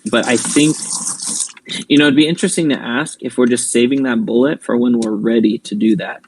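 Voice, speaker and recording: A man's voice: medium pitch, steady tone, a little fast, husky, rough recording. A man agreeing and adding a thoughtful point in a casual group call.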